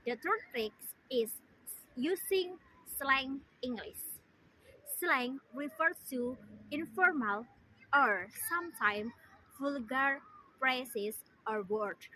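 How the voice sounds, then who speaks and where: A young woman giving a formal prepared speech as a student, halting, with frequent restarts and repeated words. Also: high-pitched, sharp tone, slight background noise, rough recording. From Indonesia. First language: Indonesian.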